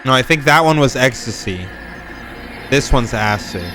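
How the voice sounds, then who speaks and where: A man's voice: medium pitch, lively intonation, normal speed, bright, forceful tone, soft background music. A man co-hosting a reaction stream, chatting animatedly and sarcastically and laughing often. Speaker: stream co-host. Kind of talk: casual reaction-stream chat.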